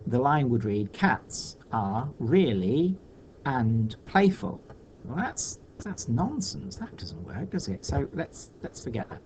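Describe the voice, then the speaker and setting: A man's voice: mid-range voice, darkish tone, slight background noise. A man teaching a recorded video lesson for children, patiently talking through each step aloud.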